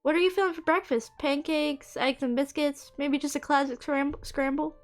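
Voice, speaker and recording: A woman's voice: high voice, fairly even intonation, moderate pace, faint music behind, lightly acted. A woman reading a chatty, friendly young woman. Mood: cheerful. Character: cheerful sleepy young woman, friendly cousin.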